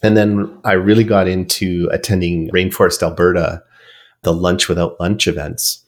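Very deep-voiced man telling stories. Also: little pitch movement, moderate pace. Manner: chatty, rambling, with filler words. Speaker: podcast guest. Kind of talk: casual storytelling in an interview.

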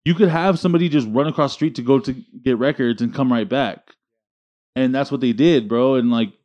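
A man's voice: medium pitch, a little fast, darkish tone. A man telling a story in casual chat, profane and slangy, full of dude and bro.

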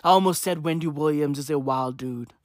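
A woman's voice: low-pitched, dry recording, studio quality. A woman delivering a profane, ranting vlog monologue, piling on slang fillers and repeated curses. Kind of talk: profane rant to camera.

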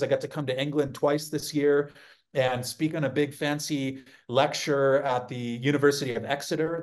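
Measured, reflective man as podcast guest. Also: medium pitch. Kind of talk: casual podcast conversation.

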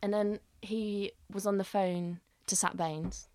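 A woman's voice: medium pitch, slow pace, no room sound. A young adult woman, a head chef, chatting casually and telling stories with acted-out quotes and the odd swear word. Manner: animated storyteller acting out quotes, swears freely. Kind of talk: casual podcast chat.

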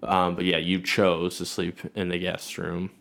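Low-voiced man talking things over. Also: completely flat delivery, measured pace, vocal fry, fairly bright tone. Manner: reflective, many fillers and restarts. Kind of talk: casual conversation about marriage.

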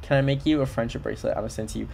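A man's voice: medium pitch, fairly even intonation, rapid-fire, creaky, darkish tone, slight background noise. A young man from Canada chatting casually while playing a video game on a livestream, playful and full of fillers, sometimes singing along in nonsense syllables. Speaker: streamer. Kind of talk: casual livestream gameplay chat. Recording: faint background game music.

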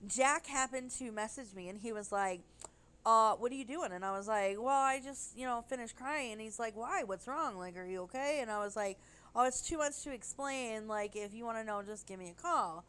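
A woman's voice: fairly high pitch, brisk, clean tone, rough recording. Chatty woman telling a long story. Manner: animated, rambling anecdote-telling with many "like"s. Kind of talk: casual chat, storytelling.

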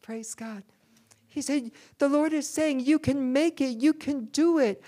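A woman's voice: high-pitched, unhurried, dark tone. A woman preaching a sermon in church, calling on the congregation to answer back. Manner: call-and-response preaching to a congregation.

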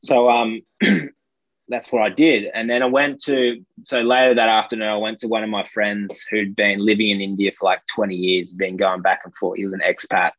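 A man's voice: lowish voice, flat delivery, moderate pace, fairly bright tone, no room sound, rough recording. A young Australian man telling a rambling anecdote in casual chat, full of fillers. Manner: rambling, filler-heavy, laughs between lines. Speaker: storyteller.

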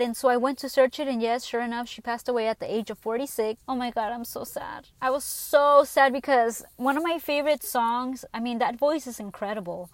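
A woman hosting a podcast, telling stories in a blunt, profane, animated casual rant. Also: a little high, a little fast, hardly any pauses, dry recording. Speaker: podcast host. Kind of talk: casual ranting monologue.

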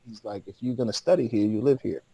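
A man's voice: lowish voice, quick pace, dark tone, breathy edge, low-quality recording. A man, a podcast guest, telling a long story in casual, slangy speech with lots of laughter.

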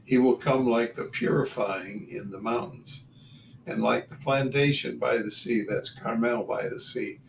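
A man's voice: medium pitch, unhurried, gravelly. A man works through scripture verse by verse, breaking off for short blunt asides. He sits back from the microphone in a roomy, echoing space with a faint hum of noise behind him. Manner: reads verses then adds blunt asides. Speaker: Bible teacher. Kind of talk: verse-by-verse Bible reading with commentary. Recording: roomy, distant mic with faint room noise.

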